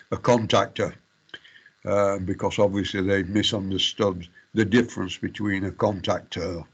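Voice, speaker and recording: A middle-aged man giving a university lecture, formal but hesitant, full of fillers and restarts. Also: fairly low pitch. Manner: addresses students formally as ladies and gentlemen.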